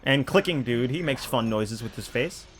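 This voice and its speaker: A man's voice: mid-range voice, expressive, moderate pace. A man giving casual movie reaction commentary, incredulous and rambling with exasperated asides. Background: movie audio playing.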